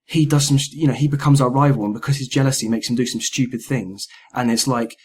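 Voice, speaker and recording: A man's voice: medium pitch, fast, husky. A man chatting casually about video games on a podcast, acting out characters' lines as he goes. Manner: animated, acts out quoted lines. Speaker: podcast host. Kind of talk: casual gaming chat.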